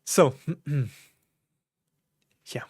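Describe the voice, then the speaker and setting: A man streaming, reacting to songs in casual, reflective talk with many pauses and fillers. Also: darkish tone, dry recording, studio quality. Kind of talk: casual live-stream commentary.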